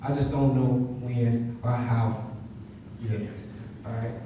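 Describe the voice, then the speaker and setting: A man's voice: mid-range voice, slow pace, noisy background. A man giving a motivational talk to students and leading them in a chant. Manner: energetic, calls the audience to chant along. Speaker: motivational speaker. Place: university hall. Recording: echoey hall, voice from far off.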